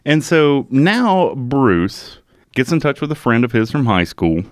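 A man's voice: medium pitch, measured pace, dry recording, studio quality. A man co-hosting a podcast, telling a true-crime story in casual chat and sometimes swearing. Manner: animated, swearing, laughs at himself. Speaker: podcast co-host.

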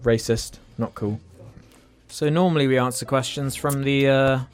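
A man's voice: mid-range voice, fairly even intonation, normal speed, faint music behind. A young man hosting a casual banter podcast, joking, swearing and often laughing. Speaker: podcast host.

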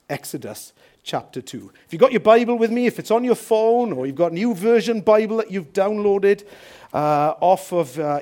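A man preaching a sermon as pastor in a church, telling stories lively and asking rhetorical questions. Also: on the high side.

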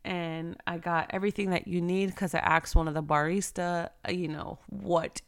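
A woman's voice: on the low side, fairly even intonation, moderate pace, smooth. A woman in her thirties hosting her own podcast from home, chatting in a bubbly, rambling way. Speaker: podcast host. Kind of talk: casual chat.

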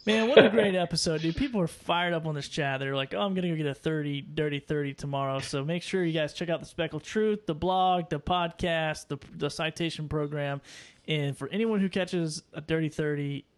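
Excited man hosting a podcast. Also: a little high, moderate pace. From North Carolina. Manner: excited, rambling, energetic. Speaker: podcast co-host. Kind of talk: casual live-stream chat.

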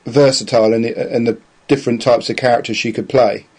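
A man's voice: medium pitch, steady tone, fast, darkish tone, husky. Enthusiastic man hosting over a call. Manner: enthusiastic, hesitant with fillers. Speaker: podcast host. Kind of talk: casual chat over a call. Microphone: video call.

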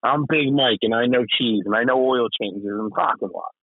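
A man putting on a brash seafood-shack owner, doing loud pitchman patter in a deliberately bad fake Boston accent. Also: dry recording, close to an everyday voice. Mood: hawking. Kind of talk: comedic ad parody. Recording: tinny phone-like, dry.

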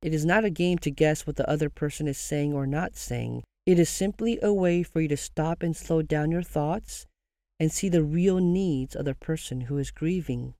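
A podcast host giving grief advice in a calm, measured counselling tone, slowing down to stress key phrases and asking listeners rhetorical questions. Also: mid-range voice, no echo, clean studio sound.

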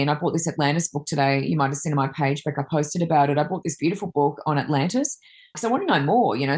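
Woman card reader, low-pitched, chatty and rambling with lots of ums. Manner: chatty, rambling, many fillers. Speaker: Reiki master and card reader. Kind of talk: casual chat, telling anecdotes.

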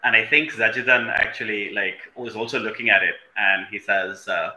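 A man playing a tabletop role-playing game, describing his character's actions and speech in a reflective, halting way with many fillers. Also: lowish voice, steady tone, bright, forceful tone, reverberant, low-quality recording. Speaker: player.

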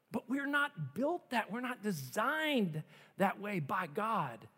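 High-voiced man preaching a sermon. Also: normal speed, big-room sound. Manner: animated, acts out quoted voices. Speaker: pastor.

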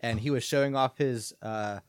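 A man's voice: mid-range voice, normal speed, clean tone, no echo. Man, podcast co-host, rambling casual storytelling, dry recording. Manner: rambling, filler-heavy.

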